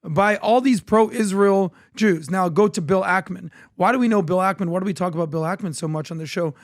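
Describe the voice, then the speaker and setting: His voice sits high and he talks fast, with no echo in the clean studio recording. He's a political podcast co-host who brings anecdotes to life by acting out what people said.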